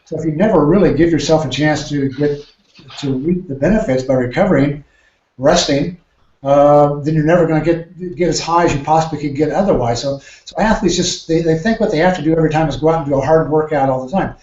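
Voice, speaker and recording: A man, a triathlon coach, explaining training ideas in a podcast interview with measured, careful phrasing and frequent restarts. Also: fairly high pitch, darkish tone. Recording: roomy, dull lo-fi sound.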